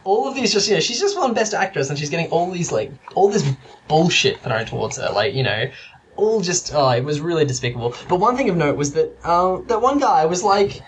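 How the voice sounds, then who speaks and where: A man's voice: high voice, lively intonation, brisk, slight background noise. A man chatting casually about films, rambling with lots of fillers and restarts. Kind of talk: casual chat.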